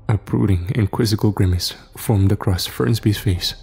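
A man narrating a scripted horror story in a steady, measured way. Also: fairly low pitch, vocal fry, breathy edge. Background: faint music.

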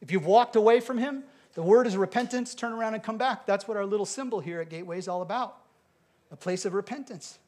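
A man preaching a sermon as pastor, emphatic, with loud declarations. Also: high-pitched, fast talker. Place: church sanctuary.

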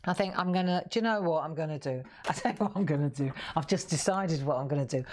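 A woman's voice: low-pitched, fast talker, darkish tone. A woman hosting a live craft show, chatting in a rambling way as she works, often breaking off mid-sentence. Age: 60s. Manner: chatty, rambling, self-interrupting. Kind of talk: live crafting demonstration chat.

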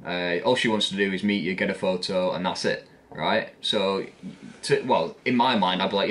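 A young man with a Northern English accent tells a story on a casual podcast. His voice sits low and deep, and he rambles along with laughs between lines. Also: moderate pace, fairly bright tone. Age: young adult. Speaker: podcast co-host.

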